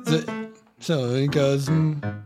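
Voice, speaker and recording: A man co-hosting an improv comedy podcast, talking in a playful, quick, jokey way. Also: on the high side, little pitch movement, loud music behind the voice. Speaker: podcast co-host.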